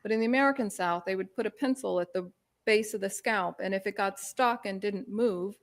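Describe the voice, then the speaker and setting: A woman presents a talk in an easy, conversational way, often padding her sentences with small filler phrases. Her voice sits at an ordinary middle pitch for a woman. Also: brisk. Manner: informal, many filler phrases. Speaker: presenter on hair culture. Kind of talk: conversational lecture.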